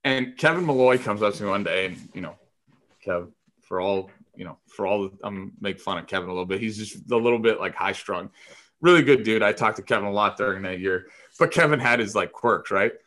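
A man co-hosting a casual podcast, telling animated, profane clubhouse stories with frequent laughter. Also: on the low side, a little fast. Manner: animated, profane, laughs often, acts out voices. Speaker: podcast co-host, former ballplayer. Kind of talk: casual storytelling chat.

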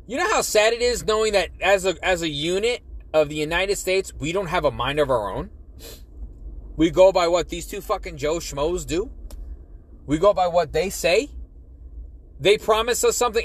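Rambling, profane young man ranting. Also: sits high. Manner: rambling, profane, repeats himself. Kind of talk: casual political rant.

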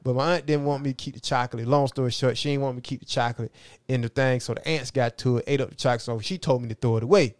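A man's voice: medium pitch, steady tone, very fast, no echo, studio quality. A middle-aged man telling stories from his life in a rambling, casual way, often asking "you know what I'm saying". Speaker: interview guest. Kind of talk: casual storytelling.

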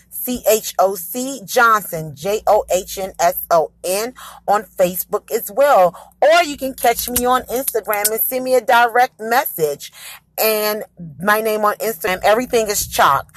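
A woman's voice: mid-range voice, animated, unhurried, a bit bright, no echo. A woman hosting her own podcast, talking casually in a chatty, upbeat way with many fillers and self-corrections. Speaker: podcast host. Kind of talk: casual solo podcast chat.

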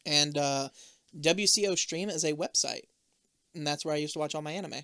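A young man co-hosting a podcast in casual chat, relaxed and offhand. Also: fairly high pitch, a little fast, no room sound, studio quality. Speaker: podcast co-host.

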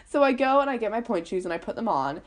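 A young woman in her teens casually telling a story to her camera, chatty and giggly, with a lot of "like" and "um". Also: a little high. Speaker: vlogger. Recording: poorly recorded at home.

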